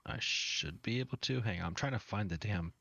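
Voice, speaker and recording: Low-voiced man running a tabletop game. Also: fairly quick, vocal fry, pushed and bright, no echo, muffled recording. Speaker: game master.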